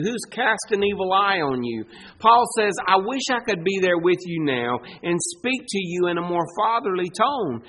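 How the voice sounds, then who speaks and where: A man's voice: sits high, a bit bright, slight background noise, rough recording. A man preaching a sermon as pastor, with emphatic delivery that rises and falls in force.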